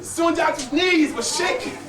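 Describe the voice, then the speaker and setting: High-voiced dramatic male storyteller, echoey. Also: unhurried. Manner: dramatic, rhythmic call-and-response with listeners. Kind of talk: live oral storytelling to an audience. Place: live performance venue. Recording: echoey room, voice from far off.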